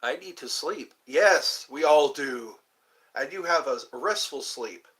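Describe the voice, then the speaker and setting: A man hosting a casual livestream, rambling and answering viewer comments with halting fillers. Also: on the high side, lively intonation, a bit bright. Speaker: livestream host. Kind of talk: casual live chat with viewers.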